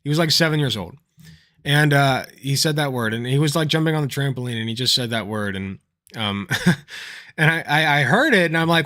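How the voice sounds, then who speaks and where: A man's voice: fairly high pitch, animated, normal speed, sharp tone. A man hosting a livestream, chatting casually and telling anecdotes, swearing freely and laughing at his own stories. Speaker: livestream host.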